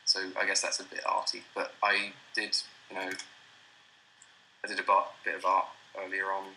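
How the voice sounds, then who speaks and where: A young man in his late teens with a British accent, chatting casually as an interview guest over a voice call, relaxed and self-deprecating with frequent chuckles. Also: low voice, moderate pace, gravelly, a little hiss or hum, low-quality recording. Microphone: computer mic over a voice call.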